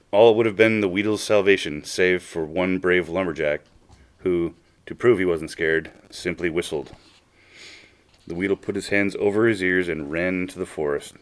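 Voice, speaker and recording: A man reading a children's storybook aloud, unhurried and expressive, stretching out his phrases. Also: low-pitched, clean tone.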